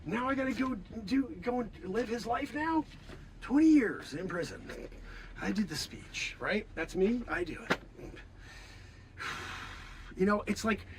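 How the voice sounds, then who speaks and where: Comic host, male, high and very lively voice, exasperated rants, noisy background. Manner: ranting, exasperated, prone to shouting outbursts. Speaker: comedian host. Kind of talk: improvised comedic monologue in character.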